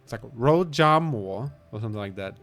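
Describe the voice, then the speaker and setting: A man's voice: medium pitch, lively intonation, normal speed, fairly bright tone, soft background music. A man with an Australian accent, a gaming streamer giving rambling, self-deprecating commentary that trails off into mumbled asides. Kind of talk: casual rambling game commentary.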